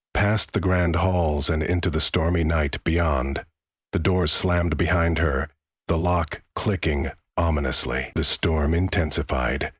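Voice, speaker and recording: A man's voice: very deep voice, husky, no room sound, studio quality. A man giving grave, dramatic scripted true-crime narration.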